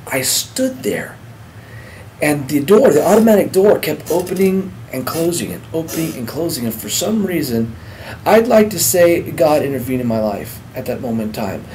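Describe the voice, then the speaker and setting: A man's voice: on the high side, very animated, moderate pace, a little mellow, a little hiss or hum, rough recording. A middle-aged man giving a heartfelt personal testimony, restarting and repeating words as he talks. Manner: earnest, heartfelt storytelling. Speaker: speaker sharing a recovery story.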